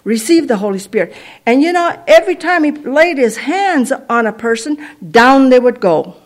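Animated woman telling a testimony. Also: sits high, normal speed. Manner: animated, conversational storytelling with sound effects. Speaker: speaker giving a personal testimony. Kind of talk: testimony storytelling to a congregation.

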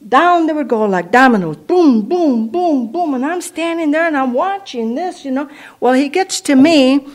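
Animated woman telling a testimony. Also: sits high, moderate pace. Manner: animated, conversational storytelling with sound effects. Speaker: speaker giving a personal testimony. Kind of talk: testimony storytelling to a congregation.

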